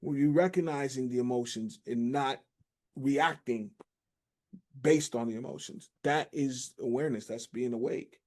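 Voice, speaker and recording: Warm-toned male interview host. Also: medium pitch, moderate pace. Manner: affirming, thoughtful, coaching tone. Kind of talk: interview conversation.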